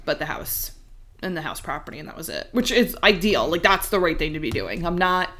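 A woman's voice: on the low side, very animated, brisk, fairly bright tone, slight background noise. A woman co-hosting a podcast in casual chat, frank and profane, laughing often. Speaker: podcast co-host.

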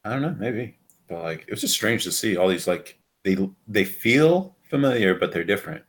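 A man from the United States chatting casually as a co-host, rambling and animated, swearing freely and laughing often. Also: on the low side, moderate pace. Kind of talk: casual chat.

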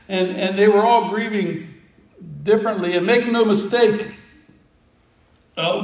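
A man preaching a sermon, retelling scripture as a lively story and acting out the disciples' lines with humor. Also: high voice, echoey room, distant mic, low-quality recording. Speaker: pastor.

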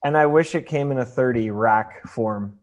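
A man's voice: medium pitch, moderate pace. A laid-back man from New England chatting as a podcast guest, laughing easily. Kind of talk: casual chat.

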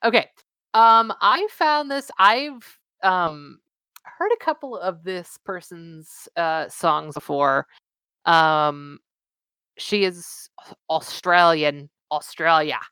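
A woman's voice: on the low side, takes it slowly, sharp tone, smooth, no room sound. A woman from Southern California co-hosting a podcast, chatting casually with lots of fillers and restarts. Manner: chatty, many fillers and restarts, laughs often. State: allergies, occasional cough. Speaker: podcast co-host. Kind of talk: casual chat.

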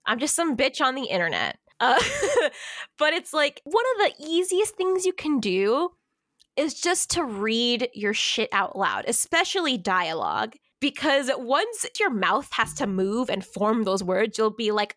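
Young woman, casual book review chat, high voice, dry close sound, swears and laughs a lot. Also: a little slow, no echo. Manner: swearing, laughing, animated and informal. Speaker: podcast co-host, book critic.

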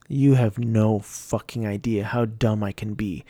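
A man talks through a movie review in a casual, rambling way, often unsure of himself. His voice is mellow and unhurried. The sound is dry and close. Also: mid-range voice, no echo. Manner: rambling, hesitant, self-deprecating.

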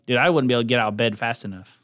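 A man's voice: medium pitch, racing, a bit bright. A man chatting on a podcast, laid-back and swearing freely. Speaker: podcast guest. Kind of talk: casual chat.

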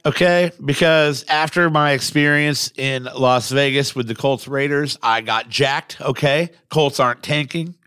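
A man hosting a sports podcast, talking casually in a rambling, excitable way with some swearing, recorded at a microphone. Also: medium pitch, clean tone, no room sound, studio quality. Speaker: podcast host. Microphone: studio microphone.

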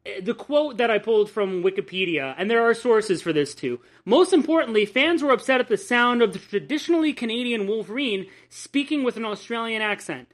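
A woman hosting a podcast in casual chat, talking loosely with restarts and the odd swear word. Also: fairly high pitch. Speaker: podcast host.

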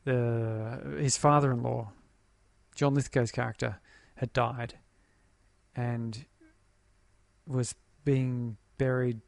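A man's voice: medium pitch, little pitch movement, slow pace, vocal fry, long pauses, no echo. Easygoing man with a mid-range voice. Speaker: podcast co-host. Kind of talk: casual film discussion chat.

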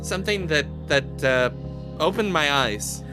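A man rambles through a casual podcast chat, cheerfully self-deprecating and quick to be amazed. His voice sits a little on the high side. Music plays clearly underneath the whole time. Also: lively intonation. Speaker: podcast co-host. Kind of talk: casual chat while watching a game.

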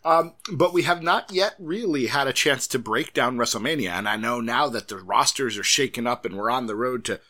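A man's voice: medium pitch, brisk, few pauses, bright, forceful tone. A man co-hosting a wrestling podcast in a rambling, self-deprecating way. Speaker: podcast co-host. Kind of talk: casual chat.

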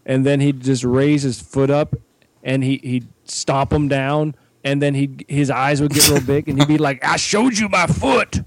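A man's voice: mid-range voice, little pitch movement, normal speed, low-quality recording. A man co-hosting a podcast, recalling things in a rambling, chuckling way during casual chat. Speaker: podcast co-host.

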